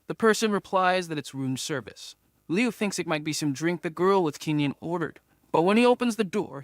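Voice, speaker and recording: A man narrating a comic story recap in steady third-person scripted narration. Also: on the high side, dry recording, studio quality.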